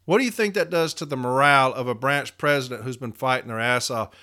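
A man's voice: medium pitch, fast talker, bright, forceful tone. A middle-aged man, a union shop steward, reading workplace data aloud and ranting bluntly with heated, swearing emphasis. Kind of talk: podcast rant, reading and commenting.

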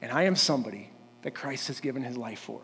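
A man's voice: medium pitch, lively intonation, fast, fairly bright tone, in a large hall, soft background music. A man preaching a sermon in a church, talking conversationally with many fillers and restarts, and building up to emphatic points. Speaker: pastor. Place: church sanctuary.

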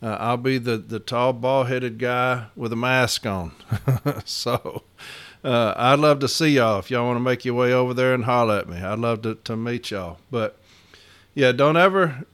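A man's voice: mid-range voice, unhurried, a bit bright, clear, resonant tone. Middle-aged male podcast host, folksy, laughs a lot, passionate. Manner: folksy, laughs often, rambling and heated. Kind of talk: casual podcast monologue.

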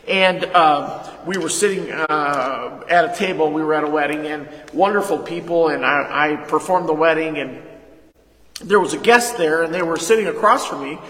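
A man preaching a sermon as pastor, leading call-and-response and retelling a conversation, with sudden loud emphasis. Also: fairly high pitch, moderate pace. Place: church sanctuary. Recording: echoey hall reverb.

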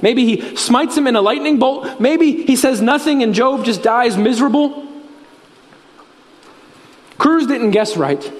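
A man's voice: very high voice, big-room sound. A man preaching a sermon as pastor, telling a story earnestly and quoting scripture.

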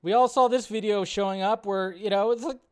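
High-pitched man ranting on a live show. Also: fairly quick, clear, resonant tone. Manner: rambling, swears often, animated rants. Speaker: host. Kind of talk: casual live show chat.

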